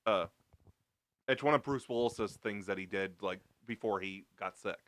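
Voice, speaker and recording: A man's voice: on the low side, normal speed, fairly bright tone, no room sound. A man co-hosting a podcast, chatting casually in an easygoing way, full of "like" and "uh". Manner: easygoing, heavy use of "like" and "uh". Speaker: podcast co-host. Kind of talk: casual chat reviewing a show.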